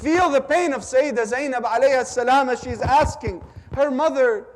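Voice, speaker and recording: A man delivering a mourning sermon, telling a story slowly and urging the audience to repeat lines after him. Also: very high voice. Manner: slow, drawn-out, urges the audience to repeat lines. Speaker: speaker at a religious gathering. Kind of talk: mourning sermon with call-and-response.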